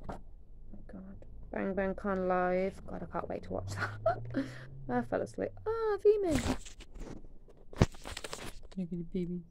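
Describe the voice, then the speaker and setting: A woman's voice: mid-range voice, slow, gravelly, long pauses, background noise. A young woman chatting casually through an unboxing, swearing now and then and dropping into whispers. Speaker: vlogger.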